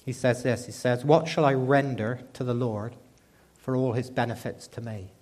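A man's voice: medium pitch, steady tone, normal speed, darkish tone. A man preaching a sermon in a conversational way, often asking the congregation rhetorical questions.

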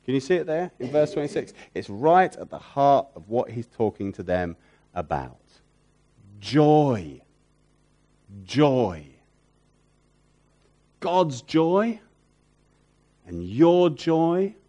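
A male preacher whose sermon voice rises and falls in a wide, animated melody. He leans on repetition and rhetorical questions. His delivery climbs to loud, emphatic peaks and then drops to near-hushed lines. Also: medium pitch, slow, pauses often. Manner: repeats phrases for emphasis, asks rhetorical questions.

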